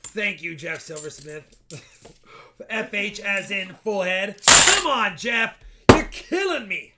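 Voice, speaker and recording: Male live-stream host, very high and bright-voiced, chatty and jokey. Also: animated, slow pace, a little hiss or hum. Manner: chatty and joking, thanks donors. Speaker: livestream host. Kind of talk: casual live-stream chat.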